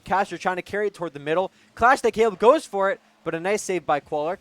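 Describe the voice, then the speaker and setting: A young man with a slightly high, smooth voice co-casts a college esports match. He calls plays and cheers for his team in a casual, partisan way, and he sounds dry and close on a headset mic. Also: fast, fairly bright tone, dry recording. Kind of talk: play-by-play and color commentary.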